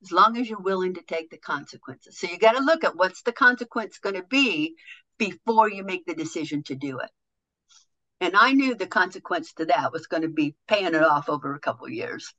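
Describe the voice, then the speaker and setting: A woman guest on a podcast, a motivational speaker and author, telling stories in an animated way and acting out quoted voices. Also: lowish voice, brisk, poor audio. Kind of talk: conversational podcast interview.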